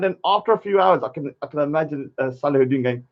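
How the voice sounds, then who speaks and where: A livestreamer with a lively pitch rants argumentatively, talking fast with few pauses and tacking on "yeah?" tags. The casual rant comes through dull, lo-fi stream audio.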